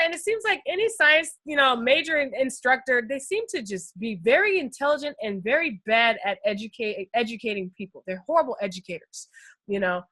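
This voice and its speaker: A woman teaching a live trading lesson on screen, excitable and chatty, talking straight to her viewers and swinging from loud bursts to quiet asides. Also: high voice. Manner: addresses viewers as guys and first timers. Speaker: trading instructor.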